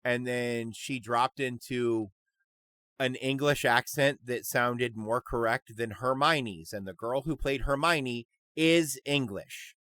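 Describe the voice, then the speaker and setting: A middle-aged man co-hosting a casual podcast chat, talkative and quick to tell a joke. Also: mid-range voice, sharp tone, no room sound. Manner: chatty, tells jokes, goes off on tangents. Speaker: podcast co-host.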